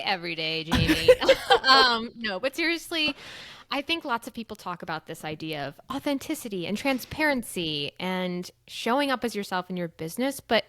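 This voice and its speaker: A woman's voice: fairly high pitch, sing-song, moderate pace, bright, forceful tone, dry recording, clean studio sound. A woman in her thirties co-hosting a podcast, talking in an earnest, reflective way and laughing easily. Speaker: podcast co-host. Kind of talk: casual podcast chat.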